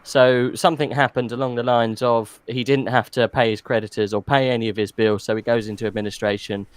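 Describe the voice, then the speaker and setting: Male co-host, mid-pitched, dry recording, bantering casual delivery. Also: fairly even intonation, dry recording. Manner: joking, quick asides. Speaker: podcast co-host. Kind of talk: casual sports chat.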